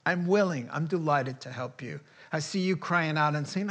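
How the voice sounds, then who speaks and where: A pastor preaching a conversational sermon, chuckling often and breaking into loud emphatic bursts. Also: male voice, on the high side, normal speed, few pauses.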